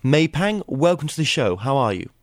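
A man's voice: medium pitch, sing-song, moderate pace, no room sound, clean studio sound. A man hosting an interview show, introducing his guest and asking questions in a friendly conversational way. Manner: friendly conversational, some fillers and restarts. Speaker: radio show host.

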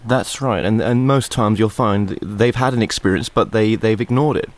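A man's voice: on the low side, normal speed. A man interviewing a guest, mostly chiming in with short agreements and questions.

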